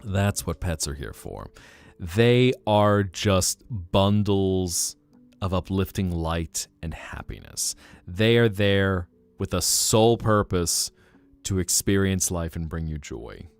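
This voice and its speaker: A man hosting a late-night livestream, chatting in a rambling, animated way. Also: sits low, slow pace, dry recording, faint music behind. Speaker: livestream host.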